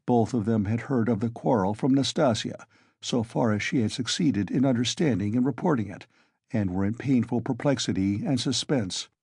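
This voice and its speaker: Male audiobook narrator, dark mellow tone, lively delivery, dry studio sound. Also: medium pitch, breathy edge, dry recording. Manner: measured storytelling. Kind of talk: scripted narration.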